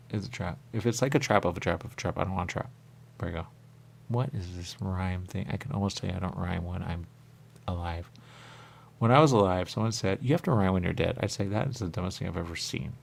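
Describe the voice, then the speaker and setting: A man's voice: deep voice, gravelly, darkish tone, husky, exaggerated voice. A man improvising as the ghost of a dead man, rambling and repeating himself, sometimes dropping to a whisper. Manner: rambling, repetitive, drifting into whispers. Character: rambling dead man's ghost, confused and rhyme-obsessed. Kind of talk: improvised comedy monologue.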